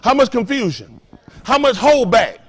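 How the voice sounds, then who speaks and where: A male pastor preaches to his congregation using call-and-response, firing off rhetorical questions and alternating between loud emphasis and hushed lines. His voice is very high-pitched and sing-song, at a moderate pace.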